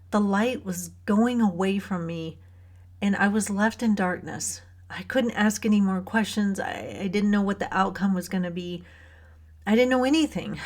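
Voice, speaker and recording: A young woman tells a personal story, then turns to a spiritual reflection. Her voice sits at an ordinary middle pitch, earnest and easy, with a light laugh slipping in now and then. She speaks as the host of a Catholic reading program.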